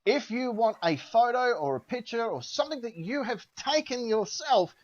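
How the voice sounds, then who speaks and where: A man's voice: very high-pitched, expressive, moderate pace. A man hosting a casual podcast. He rambles, restarts and says "uh" a lot. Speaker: podcast host. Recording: dull lo-fi sound.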